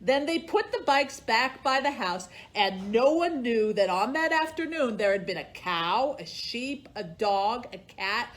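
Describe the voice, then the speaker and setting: A woman's voice: on the high side, lively intonation, measured pace, few pauses. A woman librarian reading a picture book aloud to children, in a sing-song storytime voice that acts out the animals.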